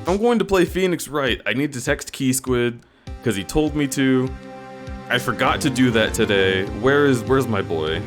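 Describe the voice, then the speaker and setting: A man playing a video game on a live stream banters with his chat in a goofy, teasing manner while game music plays behind him. He has a mid-range, animated voice and a moderate pace.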